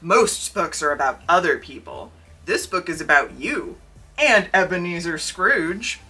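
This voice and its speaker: Lively husky podcast storyteller. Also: mid-range voice, a little slow, faint music behind, low-quality recording. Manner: wry, jokey asides. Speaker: podcast co-host reading a story. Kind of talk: casual chat and reading aloud.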